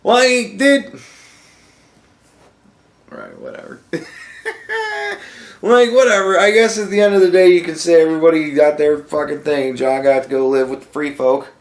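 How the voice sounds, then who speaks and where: A man's voice: on the high side, fairly even intonation, quick pace, hardly any pauses. A young man hosting a podcast, ranting sarcastically and swearing constantly. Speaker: podcast host. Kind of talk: profane casual rant. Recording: echoey room.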